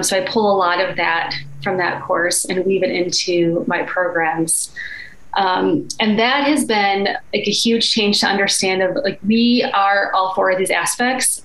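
A woman's voice: mid-range voice, a bit bright, echoey room, a little hiss or hum, low-quality recording. Earnest Chicago-accented woman coach. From Midwest United States. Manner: earnest, reflective, filler "like" and "um". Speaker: coach, podcast guest. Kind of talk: casual interview talk.

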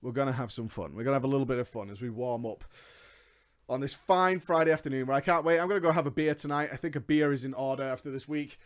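A young man talking casually on a live stream, excitable and swearing freely, ranting in bursts. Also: medium pitch, fast.

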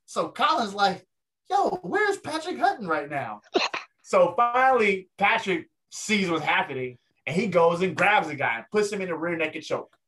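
A man's voice: sits high, moderate pace, hardly any pauses. A man, a ring announcer, telling a story in a casual interview and acting out the people in it. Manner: animated storyteller, acts out other people's voices.

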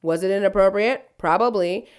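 A woman's voice: mid-range voice, moderate pace, clear, resonant tone. A woman podcast host telling a story in casual chat, swearing freely and ranting. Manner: profane, heated storytelling rant.

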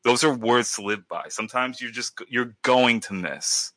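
A man's voice: mid-range voice, moderate pace, pushed and bright, dry recording. A man chatting casually on a gaming panel, rambling and sarcastic with a mock-grumpy edge. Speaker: podcast panelist. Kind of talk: casual chat.

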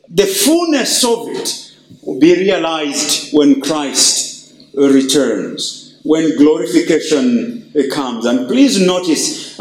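Slow-preaching high-voiced male pastor. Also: roomy sound, low-quality recording. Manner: emphatic preaching, slow drawn-out stresses. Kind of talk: sermon.

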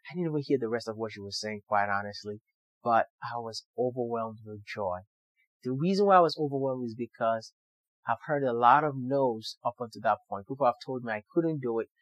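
A young man, a doctor, earnestly shares his personal story with viewers and adds motivational emphasis. His voice is medium in pitch and a little fast, with no room sound.

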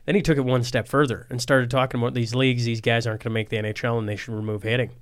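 A man of middle pitch with a smooth, clear voice hosts a casual chat. He talks earnestly and a little hesitantly, circling back to his point. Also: flat delivery, rapid-fire. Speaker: podcast host.

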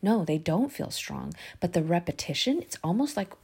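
A woman teaching a casual Bible lesson, retelling the stories in a lively way with many fillers. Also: fairly low pitch, normal speed, creaky, husky.

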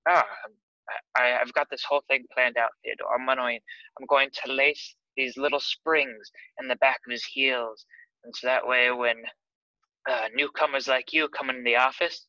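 A man playing a prankish old boss in a tabletop game, genteel and fussy, forgetting his words. The voice is bright and forceful on a slightly dull, dry recording. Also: medium pitch, steady tone, moderate pace, no echo. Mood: self-satisfied. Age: older. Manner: genteel, fussy, prone to memory lapses. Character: bossy old male office boss in wheelchair, prankish.

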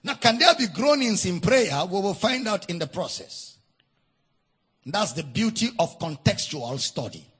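A man preaching with a very high, husky voice that rises into shouts and sung phrases. He talks slowly and pulls words out long, and his pitch swings widely from line to line. He repeats key phrases over and over for emphasis. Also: big pitch swings. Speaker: pastor. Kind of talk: sermon. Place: church service.

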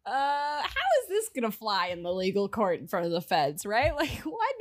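A woman's voice: medium pitch, wildly swooping pitch, normal speed. A woman co-hosting a casual podcast who throws in crude jokes. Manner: joking, crude asides. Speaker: podcast co-host. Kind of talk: casual chat.

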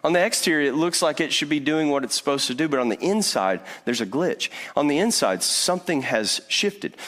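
A man in his thirties preaching a sermon as pastor, telling stories with lively restarts and repeated words. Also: mid-range voice. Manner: animated storytelling with many restarts. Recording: long hall reverb.

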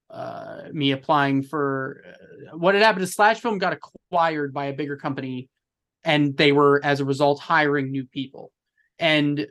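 A man's voice: fairly high pitch, a bit bright. A young adult man telling his story in an interview, rambling with many fillers and restarts, earnest and emotional. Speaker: podcast guest, film journalist.

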